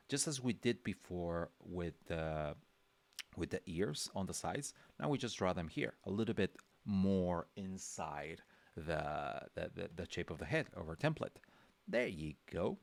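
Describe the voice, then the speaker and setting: Man, deep gravelly voice, laid-back drawing teacher on a livestream, full of ums and restarts. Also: no room sound. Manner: relaxed, thinking aloud with many fillers and restarts. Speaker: drawing instructor. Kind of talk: casual livestream drawing lesson.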